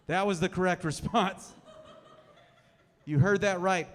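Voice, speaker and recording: Brief: dry, self-mocking male comic, slightly high voice, reverberant club hall. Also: measured pace, long pauses. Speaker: stand-up comedian. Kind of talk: stand-up comedy set. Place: comedy club stage.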